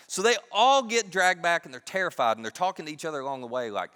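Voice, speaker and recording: A man preaching a sermon, retelling a story in an animated, humorous, conversational way. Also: fairly high pitch, fast, hardly any pauses, clear, resonant tone, long reverb tail. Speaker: pastor. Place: church sanctuary.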